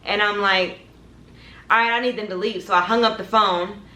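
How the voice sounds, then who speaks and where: A young woman films a storytime vlog in an echoey room, speaking in a mid-range voice at a moderate pace. She recounts a dramatic personal story, addressing her viewers as "y'all" and animatedly acting out the scenes.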